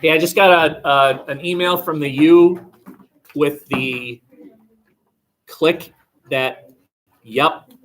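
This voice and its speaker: A man's voice: a little high, steady tone, slow pace, pauses often, fairly bright tone, a little hiss or hum. A male history teacher lecturing a class in a conversational, rambling and wry way, recorded by webcam in a classroom.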